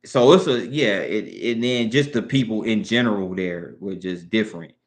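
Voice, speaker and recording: Southern man hosting a morning stream, slightly low voice, easygoing and rambling. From Southern United States. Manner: laid-back, rambling, drawn-out thinking aloud. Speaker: livestream host. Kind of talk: casual live-stream chat.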